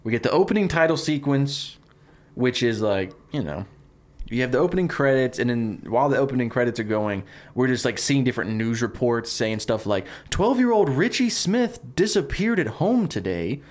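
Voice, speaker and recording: A man co-hosting a podcast, casually pitching a movie idea, rambling with many fillers and laughing easily. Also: brisk. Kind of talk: casual chat.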